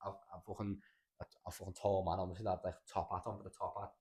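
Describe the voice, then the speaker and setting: A man's voice: sits low, little pitch movement, fast, warm tone, slightly rough. A young man with a Scouse accent, telling rambling, sweary stories with lots of restarts in a casual podcast chat. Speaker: podcast host.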